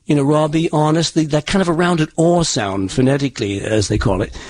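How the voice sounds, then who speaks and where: A man's voice: fairly high pitch, animated, fairly quick, darkish tone. A man working as a dialect coach, explaining accent sounds in an interview, often restarting and repeating words. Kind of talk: interview answers.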